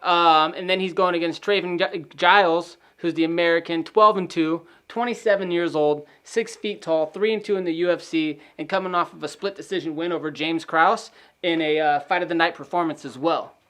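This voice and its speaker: A man co-hosting a casual podcast, running through fighter stats in a steady listing manner. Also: fairly high pitch, moderate pace, smooth. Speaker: podcast co-host. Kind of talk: casual sports prediction chat.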